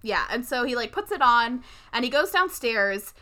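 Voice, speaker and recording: A woman with a high, bright voice talks through a movie as a co-host in casual chat. She retells each scene step by step in a loose, conversational way, full of filler words. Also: lively intonation, moderate pace. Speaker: podcast co-host.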